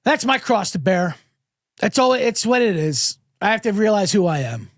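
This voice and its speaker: Middle-aged male host, high lively ranting voice, sarcastic comic monologue, dry close sound. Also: normal speed, dry recording. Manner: sarcastic, animated, swears freely. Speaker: podcast host. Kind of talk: ranting comedic podcast monologue.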